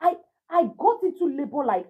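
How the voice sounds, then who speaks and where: A Nigerian woman in her thirties telling a personal story to a live chat in a casual, animated way, laughing often and slipping into pidgin. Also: high voice, moderate pace, narrow, tinny audio. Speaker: livestream host.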